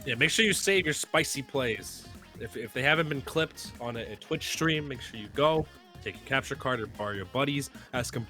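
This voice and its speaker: A young man calls a fighting-game match live, relaxed and full of gamer slang. His voice has a bright, forceful edge, and soft music plays faintly underneath. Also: mid-range voice, normal speed. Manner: laid-back, slangy. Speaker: esports commentator. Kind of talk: live esports commentary.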